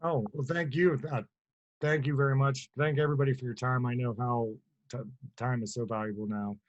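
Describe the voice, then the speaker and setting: A man's voice: medium pitch, steady tone, a little fast, highs cut off. A man speaks in a plainspoken, rambling way over a video call, often stopping to correct himself. He is a guest artist answering questions on a webinar. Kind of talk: webinar talk.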